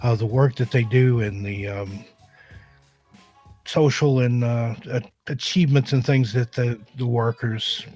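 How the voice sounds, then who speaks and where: A laid-back man hosts a casual live-stream chat. He welcomes viewers one by one in an unhurried, chatty way. Faint music plays behind him. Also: mid-range voice. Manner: relaxed, greets viewers one by one. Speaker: host.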